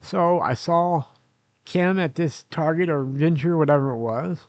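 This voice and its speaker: A man's voice: on the high side, measured pace, a little mellow, dry recording, highs cut off. An older man vlogging from his nursing home room, telling a long personal story in a rambling way, correcting himself and filling gaps with "uh". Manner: rambling, self-correcting, many "uh"s. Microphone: camera recording himself.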